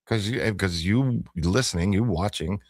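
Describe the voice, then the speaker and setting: A man with a deep voice hosts a morning talk radio show and talks in a loose, rambling way, often restarting his sentences. The studio sound is close and dry. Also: measured pace, no room sound. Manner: chatty, rambling, self-correcting. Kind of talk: casual on-air chat. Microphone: studio microphone.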